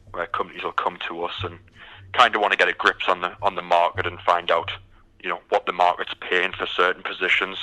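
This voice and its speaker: A man's voice: low-pitched, low-quality recording. A man from the UK with a British accent, answering interview questions casually with many ums. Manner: relaxed, many ums and restarts. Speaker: recruitment company guest.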